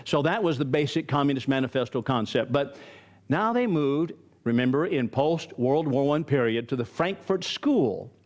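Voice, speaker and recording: A man's voice: mid-range voice, lively intonation, normal speed. An older man from Arizona teaching a Bible study, emphatic and firing rhetorical questions at his listeners.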